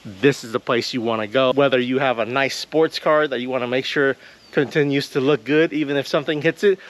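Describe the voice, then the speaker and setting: A man hosting a casual car vlog with a slightly raspy voice, excitable and slangy, laughing often. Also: mid-range voice. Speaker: car wrap shop owner and host. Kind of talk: casual vlog chat and sponsor read.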